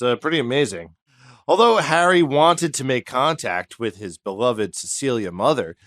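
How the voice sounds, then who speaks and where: A man's voice: mid-range voice, no room sound, clean studio sound. A man co-hosting a comedy history podcast, telling the story in a rambling, jokey way with asides. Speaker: podcast co-host.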